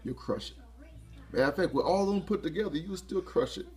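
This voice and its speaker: A man giving a casual motivational talk to camera, excitable, laughing often and restarting his phrases. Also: on the high side, quick pace. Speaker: motivational vlogger.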